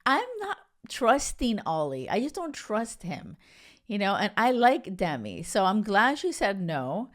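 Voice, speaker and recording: A woman's voice: mid-range voice, very animated, a little slow. A young woman hosting a podcast, chatting casually and gushing, full of "like" and "you guys". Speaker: podcast host. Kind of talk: casual chat reviewing a reality show.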